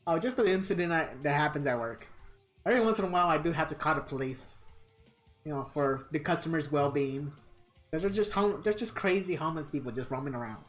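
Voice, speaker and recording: A man's voice: fairly high pitch, expressive, quick pace, soft background music. A man live streaming a game, telling a rambling story casually and laughing often as he acts out the people in it.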